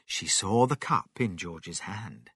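A man reading a children's story aloud with slow, expressive narration. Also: sits low, slightly rough, no echo, studio quality.

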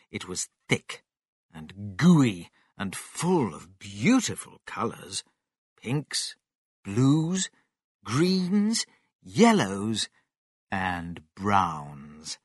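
A narrator reading a children's storybook aloud with dramatic, expressive delivery. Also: low-pitched, slightly rough, no room sound, studio quality. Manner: slow, very animated, dramatic swings.

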